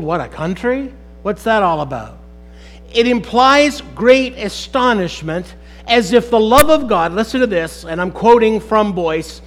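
Pastor, male, unusually high pitch; preaching to a live congregation, questioning the room, punchy emphatic peaks. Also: a bit bright, low-quality recording. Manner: rhetorical questions to the congregation, rising to emphatic exclamations. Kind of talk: sermon.

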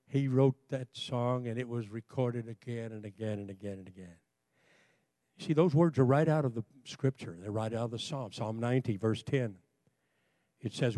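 A man's voice: mid-range voice, moderate pace, warm tone, no echo. A man preaching a sermon as pastor, fervent, leading his congregation in call and response before an altar call. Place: church sanctuary, also streamed online.

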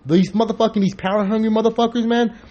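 A man hosting a podcast in casual chat, rambling and profane, telling animated stories. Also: sits high, fast, dull audio. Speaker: podcast host.

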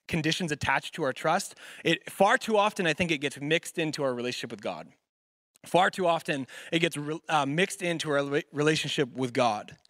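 A man with a high-pitched voice delivers a sermon built around a personal story. He tells it in an animated, chatty way, full of filler words. The sound is dry and close, with no room echo. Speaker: preacher.

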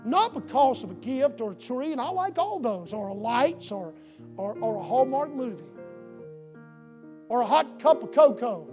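A male pastor preaching a sermon in a church, swinging between shouted, drawn-out declarations and quieter, intimate appeals. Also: extremely high pitch, sing-song. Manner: shouting preacher cadence with slow emphatic punches. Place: church sanctuary. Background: soft piano.

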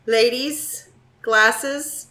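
A woman's voice: fairly high pitch, extremely slow, pushed and bright, reverberant. A woman co-hosting a podcast in casual chat, laughing often and repeating her words as she talks. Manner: laughs a lot, repeats herself. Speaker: podcast co-host.

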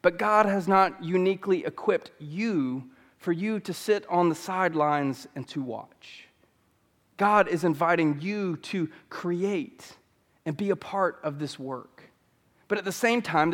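A man's voice: a little high, long reverb tail. A pastor in his thirties preaching a sermon in a church, earnest and fond of repeating key phrases for emphasis. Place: church sanctuary.

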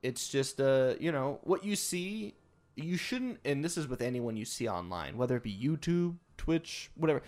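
A man co-hosting a casual podcast chat, animated and rambling, with many restarts. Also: mid-range voice, moderate pace. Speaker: podcast co-host, streamer.

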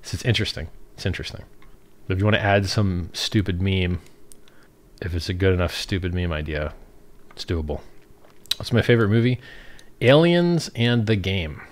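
A man's voice: sits low, lively intonation, normal speed, pauses often. A man hosting a livestream, reading chat questions and answering them in a rambling, off-the-cuff way and laughing at his own remarks.

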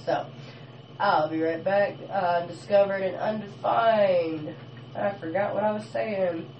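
A woman hosting a radio show in casual on-air chat, blunt and expressive and swearing freely. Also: mid-range voice, unhurried, a little hiss or hum. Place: small radio studio. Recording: echoey distant lo-fi radio studio.

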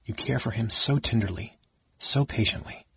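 A man voicing a burly male warrior who speaks gruffly, sometimes pleading and sometimes shouting, in an audiobook reading. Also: fairly low pitch, moderate pace. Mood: wistful. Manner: gruff, pleading, grows loud. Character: burly male warrior, troubled and quick-tempered. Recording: dull lo-fi audiobook recording.

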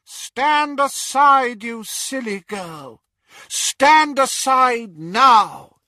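A man playing a cruel dark wizard who gives slow, cold commands. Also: very high-pitched, expressive, no room sound, studio quality, voice pushed up, full character voice. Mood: cold commanding.

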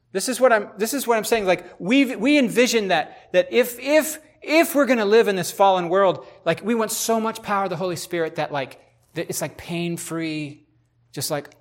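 A man hosting a podcast, talking in a casual devotional way, animated and speculative, often repeating himself for emphasis. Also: a little high, a little fast. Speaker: podcast host.

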